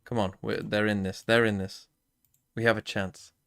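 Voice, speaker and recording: A British man chatting casually on a match watchparty, excitable and swearing as he urges a team on. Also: lowish voice, normal speed, vocal fry, smooth. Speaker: watchparty co-host. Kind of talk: casual chat reacting to a match.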